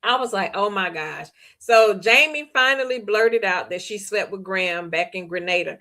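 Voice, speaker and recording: A woman, hosting a book club discussion. She talks in a chatty, animated way, laughs often and reads viewer comments aloud. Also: medium pitch, moderate pace. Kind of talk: casual book discussion recap.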